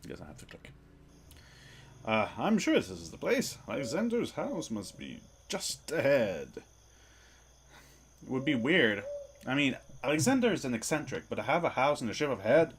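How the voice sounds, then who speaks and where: A man's voice: medium pitch, huge pitch swings, moderate pace, a little hiss or hum. A man hosting a let's play, making offhand, joking asides between scenes. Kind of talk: casual gameplay commentary.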